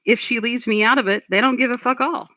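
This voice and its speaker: A woman's voice: fairly high pitch, fairly even intonation, quick pace, pushed and bright, dry recording. Sarcastic woman scolding on stream. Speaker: reaction streamer. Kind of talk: reaction commentary stream.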